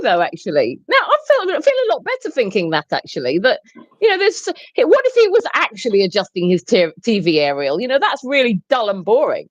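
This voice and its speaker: High-voiced giggly lady reading chat comments out loud on a live stream, dry sound. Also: wildly swooping pitch, a little fast, dry recording, highs cut off. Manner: giggly, reads out viewer comments.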